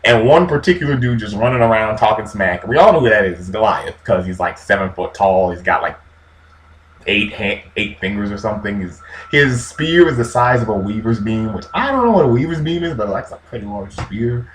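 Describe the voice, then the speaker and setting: A man's voice: fairly low pitch, expressive, a little fast, a little hiss or hum, poor audio. Jokey rambling man vlogging. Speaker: video host. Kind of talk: casual comedic Bible retelling.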